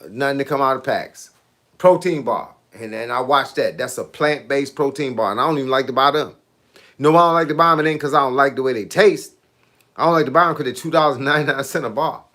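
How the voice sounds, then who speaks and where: A man's voice: mid-range voice, a bit bright. A middle-aged man, a fitness coach chatting casually with viewers on a live stream, laid-back and laughing often. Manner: laid-back, repeats "hey, look" and "bro", laughs often.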